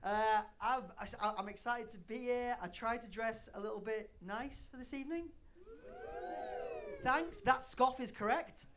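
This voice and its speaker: A man's voice: very high-pitched, a little slow, fairly bright tone. A man in his late thirties from northern England works a comedy club crowd on a handheld stage mic. He talks in a sweary, self-mocking way, bantering with the audience. A faint hiss of noise sits under his voice. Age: 30s. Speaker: stand-up comedian. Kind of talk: live stand-up set.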